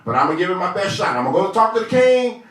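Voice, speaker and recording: A determined young queen speaks in a resolute, measured way, as a man puts her on. Heavy echo fills the room, and the mic sits far off. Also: high voice, big pitch swings, fairly bright tone. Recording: echoey room from a distant mic.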